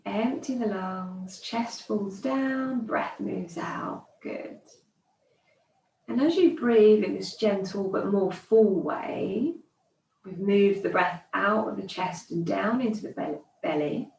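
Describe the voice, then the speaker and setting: A woman teaching yoga, guiding slow breathing with calm, soothing counting cues. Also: medium pitch, gravelly, slight background noise. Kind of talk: guided breathing instruction. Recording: echoey room, distant mic.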